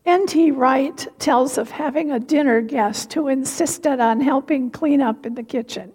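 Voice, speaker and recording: A woman giving a sermon, telling a story slowly and reflectively. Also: high voice, darkish tone. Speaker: preacher. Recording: reverberant hall.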